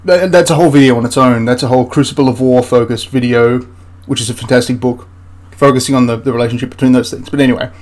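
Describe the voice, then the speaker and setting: A man's voice: mid-range voice, fairly even intonation, fast, few pauses, a little mellow. A man hosting a history channel, ranting through a film critique in an exasperated, rambling way with frequent restarts.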